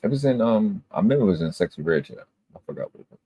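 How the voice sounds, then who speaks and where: A man's voice: on the low side, animated, racing, husky, lo-fi sound. A man hosting a live stream, holding forth in an emphatic, lecturing way with plenty of swearing. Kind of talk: casual profane monologue.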